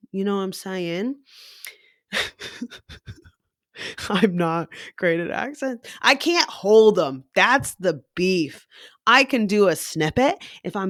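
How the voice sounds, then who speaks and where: A woman's voice: lowish voice, sing-song, slow, long pauses, no room sound, studio quality. A young woman who works in a coffee shop, talking in a rambling casual monologue, swearing freely and laughing often.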